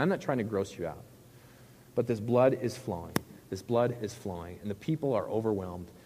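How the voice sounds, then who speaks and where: A man's voice: on the low side, warm tone, long reverb tail, slight background noise. A middle-aged male pastor preaching a sermon in a conversational, joking way, with rhetorical questions to the crowd.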